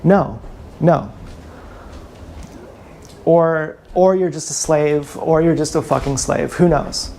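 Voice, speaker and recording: A man's voice: on the high side, slow pace, creaky, long pauses, darkish tone, a little hiss or hum. Bitter ranting man on a livestream. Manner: ranting, bitter and contemptuous, repeating himself. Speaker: vlogger. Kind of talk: live-streamed rant. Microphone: action camera.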